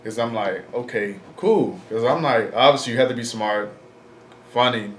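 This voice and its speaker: A man's voice: mid-range voice, steady tone, moderate pace. A man in his twenties talking casually in a vlog, rambling with lots of fillers and slang, blunt and frank. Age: 20s. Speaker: vlogger. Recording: echoey room, faint background noise.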